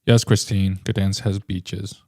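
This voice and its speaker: A man's voice: deep voice, little pitch movement, slow, a little mellow, no room sound. A man hosting a reaction video, ranting animatedly in a casual way and slipping into mocking voices. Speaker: host.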